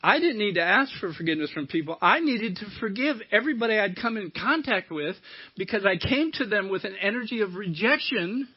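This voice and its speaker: A man's voice: high-pitched, expressive, fairly quick, slightly rough, dry recording. A middle-aged man giving a candid personal share at a recovery meeting, swearing casually as he tells his story. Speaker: recovery speaker. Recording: dull lo-fi talk recording.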